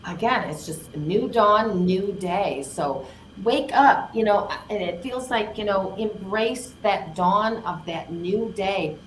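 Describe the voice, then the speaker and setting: An older woman, a grandmother, co-hosting a live card reading, speaking casually and gushingly and stretching words for emphasis. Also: medium pitch. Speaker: card reader co-host. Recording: roomy, faint background noise.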